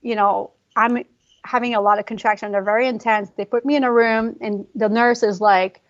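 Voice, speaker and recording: A woman guest on a podcast, a fitness coach, telling a personal story in a fast, emotional way with many fillers. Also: fairly high pitch, fairly even intonation, dull audio. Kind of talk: conversational podcast interview.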